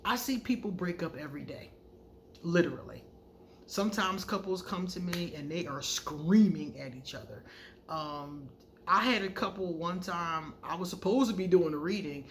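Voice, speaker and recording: In a casual vlog monologue, a tarot reader talks openly to her audience and tells stories with animation, acting out each quoted exchange. Her voice is on the low side at a moderate pace, with a little hiss or hum in the background.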